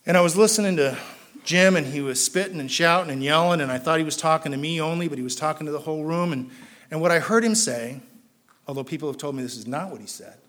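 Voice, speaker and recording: A man, a trial lawyer, telling his recovery story to a live audience in an animated, self-mocking way. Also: quick pace. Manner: animated, self-mocking storytelling that climbs loud and high when excited. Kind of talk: personal story told to an audience. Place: talk before a live audience.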